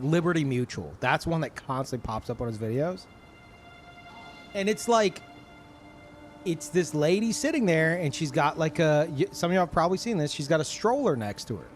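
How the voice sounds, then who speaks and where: A man streaming live in casual chat, ranting in an animated and profane way. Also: a little high, a little hiss or hum.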